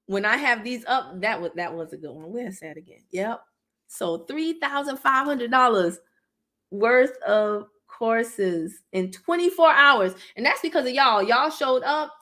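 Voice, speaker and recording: This livestream host, an online business coach in her thirties, chats candidly with viewers, reads their comments out and laughs frequently. Her high-ish voice is expressive, pushed and bright, and she speaks unhurriedly.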